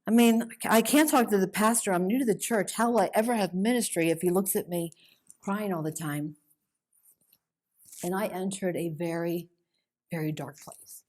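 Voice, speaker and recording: Speaking at a moderate pace, this middle-aged woman has a medium-pitched, slightly mellow voice. She gives an emotional, earnest testimony of her faith to a women's conference gathered in a conference hall.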